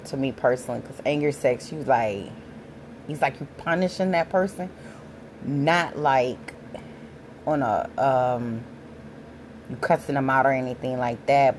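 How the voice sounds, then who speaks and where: A woman talking bluntly and casually to her viewers, cursing freely and using a lot of slang. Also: sits low. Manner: blunt, profane, animated, slangy. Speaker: vlogger giving sex advice. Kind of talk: casual monologue to camera. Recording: faint background noise.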